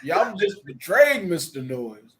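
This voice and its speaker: A man's voice: high voice, sing-song, slow pace, a crowd in the background. A man co-hosting a podcast, playful and joking in casual chat. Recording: noisy background.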